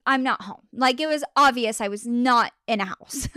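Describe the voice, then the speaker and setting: Laughing, animated young woman storyteller. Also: on the high side, moderate pace, smooth, no echo, clean studio sound. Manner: animated retelling with frequent laughs and acted quotes. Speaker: podcast host. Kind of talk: casual storytelling.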